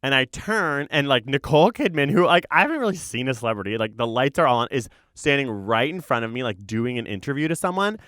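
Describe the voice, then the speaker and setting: A young man from Canada, co-hosting a podcast and telling an anecdote in a casual, animated way. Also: mid-range voice, fast talker, few pauses, dry recording, clean studio sound. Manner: animated, acts out voices in anecdotes. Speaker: podcast co-host. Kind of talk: casual storytelling chat.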